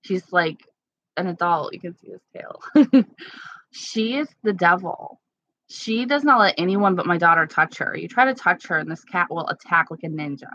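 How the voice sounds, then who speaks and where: A woman chatting casually with live-stream viewers at home, candid and quick to laugh. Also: on the low side, fairly bright tone, no room sound. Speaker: livestream host. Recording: slightly dull lo-fi sound.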